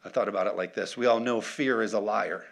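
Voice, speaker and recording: A man's voice: on the low side, fairly even intonation, fast talker, creaky. A man preaching a conversational sermon who keeps checking in with his congregation and asks for responses. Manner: conversational, calls for audience responses. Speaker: pastor.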